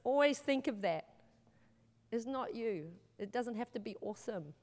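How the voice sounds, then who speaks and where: A woman giving an earnest, emotional church testimony and altar call, halting and restarting as she speaks. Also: on the high side, animated, darkish tone. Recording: long hall reverb.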